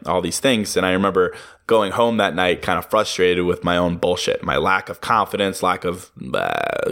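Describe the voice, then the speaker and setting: A man's voice: low voice, a bit bright. A young man hosting a solo podcast, talking candidly, swearing freely and laughing at himself. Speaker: podcast host. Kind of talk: casual solo podcast monologue.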